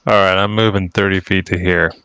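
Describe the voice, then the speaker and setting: Male player, very low voice, deadpan, dry close sound. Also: fairly quick, clear, resonant tone, dry recording. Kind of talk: casual tabletop game chat.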